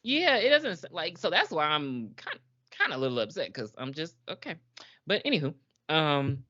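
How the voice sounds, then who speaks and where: Guy podcaster with a bright, bouncy voice, laughs a lot, dull lo-fi audio. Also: mid-range voice. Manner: lively, laughs often, rambling restarts. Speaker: podcast co-host. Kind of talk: casual recap chat.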